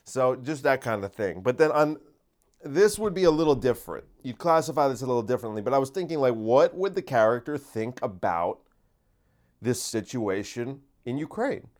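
Energetic man in a rambling podcast chat. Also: mid-range voice, moderate pace. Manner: rambling and conversational, with deadpan put-on voices. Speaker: podcast host and comedian. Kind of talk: casual solo podcast monologue.

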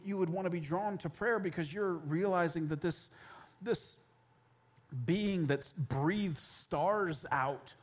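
A man in his thirties preaching a sermon as pastor, telling a biblical story in an animated way and acting out its characters. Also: a little high.

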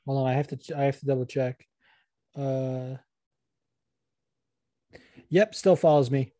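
A man's voice: medium pitch, fairly even intonation, unhurried, mellow, no room sound. A young man co-hosting a podcast, chatting casually with lots of swearing, jokes and laughter. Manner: swearing, laughing, joking banter. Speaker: podcast co-host.

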